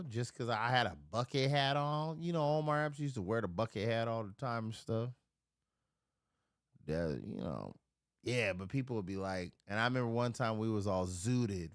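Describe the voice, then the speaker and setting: A man's voice: lowish voice, a bit bright, dry recording. Middle-aged guy streaming a bit drunk, rambly and swearing, dry close sound. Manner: rambling, profane, laughs at his own stories. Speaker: live streamer. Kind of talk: casual storytelling. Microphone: streaming mic.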